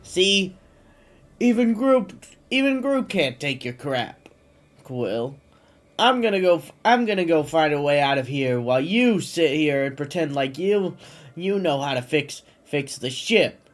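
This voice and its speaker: A brash, gruff raccoon-like space mechanic, as a man puts him on in a storybook reading. His voice is pushed up well above the reader's own and comes out loud and scornful. He tramples over his own words as he goes. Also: a little high, big pitch swings, a little slow, pitched above the performer's own voice. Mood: mocking, irritated.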